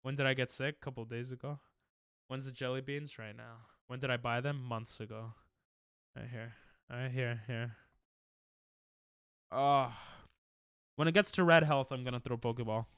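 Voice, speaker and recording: A man's voice: mid-range voice, steady tone, normal speed, long pauses, fairly bright tone, smooth, dry recording, studio quality. A sick, coughing man, casually chatting and joking with his chat while he streams a game. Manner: casual, jokey, reads and answers chat. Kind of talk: live-stream gaming chat.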